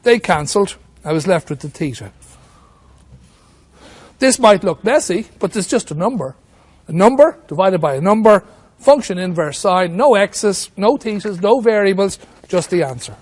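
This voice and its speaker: A man's voice: high-pitched, lively intonation, moderate pace, a little mellow. A man teaching maths at a whiteboard, walking through each step and asking himself questions as he goes. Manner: talks through steps with rhetorical questions. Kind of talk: whiteboard lesson.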